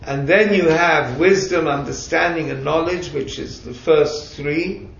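A man with a slightly high, gravelly voice walks a group through a subject, patient and explanatory, with chatty asides. He sounds distant from the mic in an echoey room. The sound is dull. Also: unhurried, a little hiss or hum. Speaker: religious teacher.

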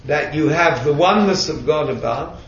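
A man's voice: fairly high pitch, normal speed, a bit bright, a little hiss or hum. A man teaching a group, explaining patiently with chatty asides. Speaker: religious teacher. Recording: echoey room, distant mic, dull sound.

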